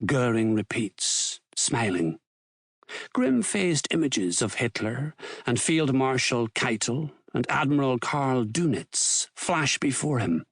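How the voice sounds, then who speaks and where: Slow, gravelly male audiobook narrator. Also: medium pitch, no room sound, clean studio sound. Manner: measured and expressive. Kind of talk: scripted thriller narration. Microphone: close studio mic.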